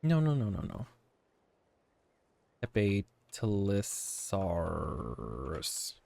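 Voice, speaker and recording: Slow, lively-voiced man swearing at a game. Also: medium pitch, no room sound. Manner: rambling, profane, stumbles over names. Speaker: game streamer. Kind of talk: casual gameplay commentary.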